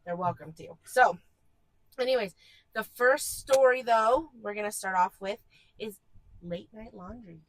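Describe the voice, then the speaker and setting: A woman's voice: medium pitch, no room sound, rough recording. A woman co-hosting a podcast in casual, playful banter, teasing her co-host. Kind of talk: casual chat.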